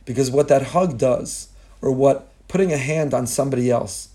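A man's voice: mid-range voice, normal speed, warm tone. A man teaching a Torah lesson in a sermon style, building his points through long repeated lists and mixing in Hebrew phrases. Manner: impassioned, repetitive rhetorical lists.

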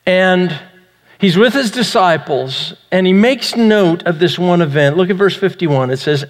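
A high-voiced man preaches a sermon, an animated storyteller who acts out sound effects and pokes fun at himself. His voice carries a long reverb, as if he were in a large church sanctuary. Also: a little slow. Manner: self-mocking humor. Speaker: pastor.

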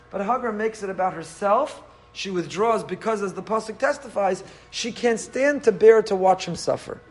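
Man, high voice, animated Torah lecture, rhetorical questions. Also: slightly rough. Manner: animated, rhetorical questions, mixes Hebrew and Yiddish terms. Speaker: rabbi teaching the weekly Torah portion.

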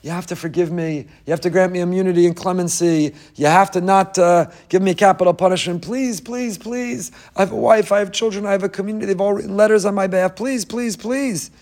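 A man's voice: fairly even intonation, a little fast, hardly any pauses. A man playing a desperate condemned prisoner. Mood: begging. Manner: pleading, repeating please, softer and higher. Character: desperate condemned male prisoner begging for mercy.

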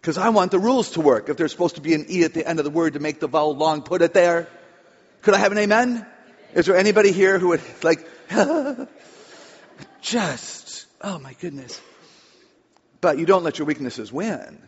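A woman's voice: lowish voice, fast, breathy edge. A woman author giving a humorous talk to a live audience, chatty and playful. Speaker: author and speaker on children. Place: large hall with audience. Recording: echoey hall, dull lo-fi sound.

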